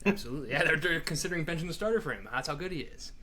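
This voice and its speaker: Bright-voiced man, casual sports chat. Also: fairly high pitch, animated, racing. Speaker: podcast co-host.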